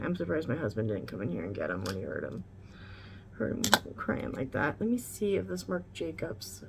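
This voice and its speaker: Woman, makeup vlogger, lively up-and-down pitch, gravelly fry, candid rambling chat, faint background hiss. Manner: candid, rambling, swears casually. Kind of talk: chatty makeup tutorial.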